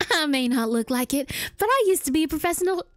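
Folksy game traveler with a Southern drawl, pitched high, read by a woman. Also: no room sound. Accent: put-on Southern US drawl. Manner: homespun, chummy, drawn-out reading. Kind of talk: reading game dialogue aloud.

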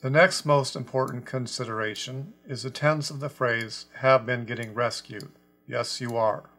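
A man teaching a scripture lesson about a translation, speaking deliberately and stressing quoted words. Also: mid-range voice, fairly even intonation, fairly bright tone, faint music behind. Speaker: Bible teacher.

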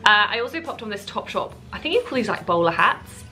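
A woman's voice: medium pitch, very animated, fast, sharp tone, faint music behind. A young woman in her twenties chatting to camera as a fashion vlogger, bubbly and self-mocking. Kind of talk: casual chat to camera.

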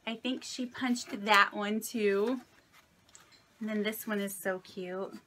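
Slow, gushing woman unboxing crafts. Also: medium pitch, fairly even intonation, a bit bright, a little hiss or hum. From Indiana, United States. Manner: gushing, sentimental, many delighted exclamations. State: unwell and a little shaky. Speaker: craft vlogger. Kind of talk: casual unboxing vlog.

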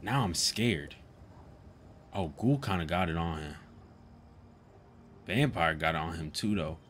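A young man live-streaming a game, chatting casually, swearing and laughing often in an excitable way. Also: deep voice, unhurried, a little hiss or hum.

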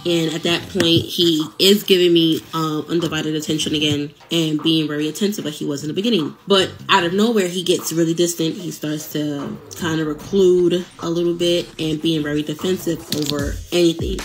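A young adult woman hosting a podcast, telling a personal relationship story in a casual, animated way with asides to listeners. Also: low voice, moderate pace, few pauses. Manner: animated, conversational, many fillers and asides to listeners.

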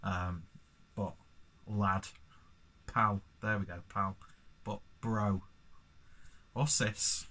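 A man's voice: fairly low pitch, steady tone, extremely slow, pauses often, sharp tone. A man, casually reviewing a beer in a rambling, sweary vlog full of self-mocking asides.

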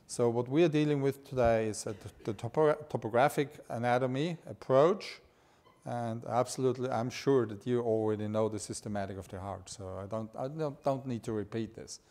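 Speaking a little fast in a darkish, medium-pitched voice, this enthusiastic male anatomy lecturer from Austria has a Styrian accent. His live lecture is informal and full of jokes.

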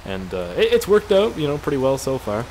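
A man's voice: medium pitch, huge pitch swings, fairly quick, darkish tone, poor audio. A man talking over a driving game in casual commentary, with a mid-range voice. He rambles from one story to the next, jokey and heavy on swearing, with a faint hiss of noise behind him. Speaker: gaming video creator.

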